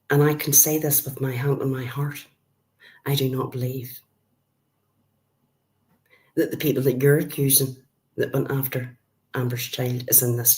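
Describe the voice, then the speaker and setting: A grandmother with an Irish accent and a low voice talks straight to her live-stream viewers. She is feisty and blunt and calls out chatters by name. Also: darkish tone. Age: older. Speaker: livestream host. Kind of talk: casual live-stream chat.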